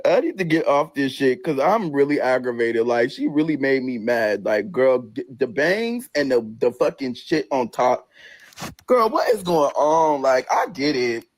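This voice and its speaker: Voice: mid-range voice, very animated, measured pace. A person ranting on a livestream in a combative, profane, sassy way, straight into a phone.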